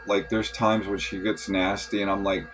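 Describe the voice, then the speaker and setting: Frustrated low-voiced man venting. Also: little pitch movement, moderate pace, fairly bright tone, faint music behind, poor audio. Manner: frustrated, rambling, swearing, many restarts. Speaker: vlogger. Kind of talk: venting journal monologue.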